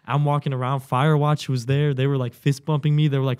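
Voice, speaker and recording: A young man, a podcast guest and new Marine, telling a story in casual talk, swearing a lot and loudly acting out what people said. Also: medium pitch, fast talker, clean tone. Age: young adult. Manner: animated, swearing, acts out quotes loudly. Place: podcast studio.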